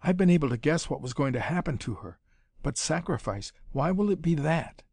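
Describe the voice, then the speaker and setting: A man's voice: fairly high pitch, expressive, brisk, a little mellow, breathy edge, no echo, clean studio sound, voice pushed up. A man reading as a frightened young woman.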